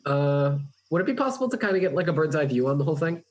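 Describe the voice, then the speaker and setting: A man's voice: fairly high pitch, sing-song, rapid-fire. A man playing a tabletop game, talking casually with hesitant, stammering restarts. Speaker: player.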